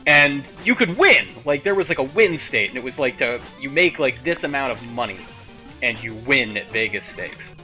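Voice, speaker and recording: A man's voice: mid-range voice, expressive, moderate pace, sharp tone, faint music behind, rough recording. A man hosting a casual gaming stream, chatting and laughing. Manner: chatty, laughing, quoting lines in voices. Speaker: stream host.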